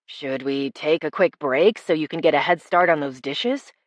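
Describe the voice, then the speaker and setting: A woman voicing a smug, teasing young man in an audiobook, dropping lower for his lines. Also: normal speed, no echo, dull audio, natural voice. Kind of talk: audiobook character voice.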